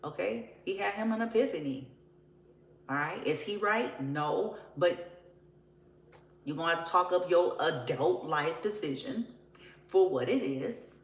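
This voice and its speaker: A woman's voice: on the low side, expressive, measured pace, long pauses, echoey room, poor audio. A woman giving a casual tarot reading, blunt and profane, often laughing as she talks. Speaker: tarot reader.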